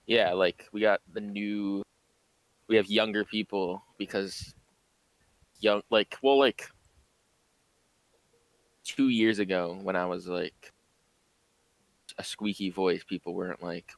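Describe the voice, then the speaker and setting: A young streamer chats easily as a podcast guest. His voice is deep and full of fry. It sounds close and dry. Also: steady tone, slow, pauses often, dry recording, poor audio. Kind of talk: casual podcast chat.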